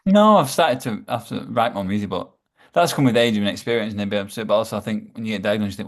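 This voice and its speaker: A man chatting casually as a podcast guest, stumbling over his words and repeating himself as he goes. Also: on the low side. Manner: halting, repeats words, trails off.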